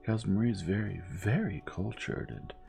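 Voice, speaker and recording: A man's voice: fairly low pitch, normal speed, vocal fry, mellow, soft background music, voice pushed up. A man voicing a sincere, mild-mannered young woman in a storybook reading. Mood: earnest. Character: earnest, meek young American woman, kindly.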